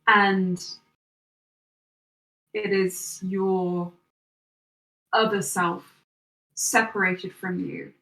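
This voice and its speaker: A woman narrating a tabletop role-playing game as game master, in slow, measured second-person description. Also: mid-range voice, flat delivery, vocal fry, sharp tone, echoey room, distant mic, low-quality recording.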